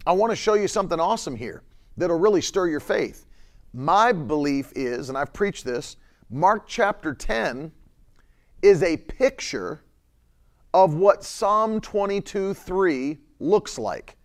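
A man preaching a sermon with a lively, swooping delivery. His voice sits a little high, and he stretches key words and cries out loud when he quotes scripture. He laughs lightly between points. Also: takes it slowly. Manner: laughs between points, reads chat comments.

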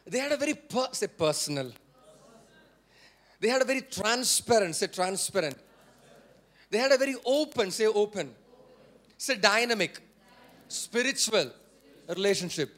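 A male pastor with an Indian English accent preaching a sermon, repeating phrases and prompting the congregation to say words back, rising to forceful emphasis. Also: high-pitched. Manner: repetitive, call-and-response preaching.

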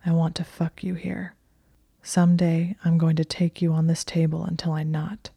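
In a whispered role-play, a woman puts on a commanding young man who murmurs in a husky, deep hush. The voice stays low and flat with a dark, mellow tone. It is recorded dry and close. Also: moderate pace, no echo, exaggerated voice.

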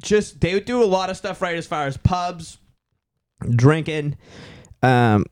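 A man's voice: fairly high pitch, animated, measured pace, a little mellow, clean tone, no room sound, studio quality. A laid-back young man, an actor and comedian, in casual chat, swearing a lot and saying "dude" often. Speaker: podcast co-host, actor and comedian.

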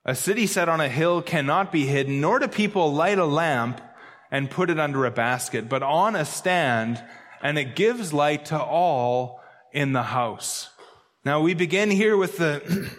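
Male pastor, emphatic sermon delivery, high voice, long hall reverb. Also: a bit bright. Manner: emphatic, repeats key phrases, slows down for stress.

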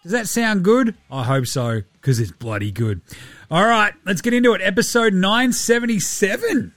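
A man's voice: high voice, lively intonation, moderate pace, a bit bright, no echo, faint music behind. A man with an Australian accent hosting a casual sports podcast, joking, swearing and mocking. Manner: sweary, jokey, mocking impressions. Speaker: podcast host.

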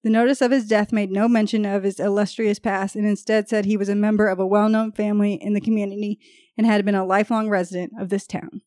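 A medium-pitched woman talks fast in a slightly mellow voice with little pitch movement, recorded clean in a studio with no echo. As a podcast host she reads out the details of an old murder case, breaking off now and then to joke and laugh with her co-hosts in a casual true crime telling full of banter.

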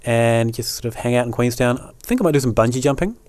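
He's a fast-talking New Zealander with a mid-range voice, co-hosting a podcast in loose, relaxed chat. Fillers pepper his rambling speech, and the sound is close and dry.

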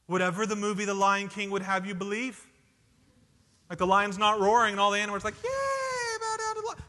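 A man preaching a sermon, emphatic, dropping from loud declarations to hushed lines. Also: fairly high pitch. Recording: hall reverb.

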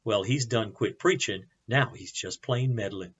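A male preacher voicing an elderly Southern church lady who shouts fervent amens from the front pew, in a shrill falsetto. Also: a little slow, slightly rough, lo-fi sound. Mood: wry.

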